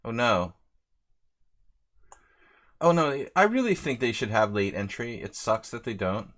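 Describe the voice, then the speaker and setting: Streaming a chess simul live from his home in Hungary, a man rambles casually between moves and reads out his viewers' names. His voice is medium-pitched and a bit bright, with lively intonation and a slightly slow pace.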